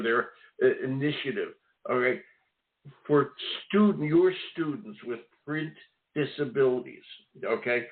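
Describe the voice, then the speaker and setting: A man with a Philadelphia accent hosting a radio talk show, rambling and repeating himself, peppering his talk with "all right" and "okay". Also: mid-range voice. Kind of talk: casual radio interview. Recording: phone-like narrow sound.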